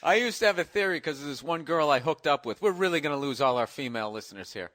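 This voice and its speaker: Forceful, profane male storyteller. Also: a little high, expressive, quick pace, dry recording, studio quality. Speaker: podcast co-host. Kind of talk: casual chat.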